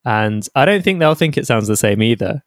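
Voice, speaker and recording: A man's voice: mid-range voice, animated, fairly quick, dry recording, studio quality. A man hosting a podcast, chatting in a curious, thoughtful way and laughing easily. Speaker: podcast host. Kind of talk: casual podcast interview.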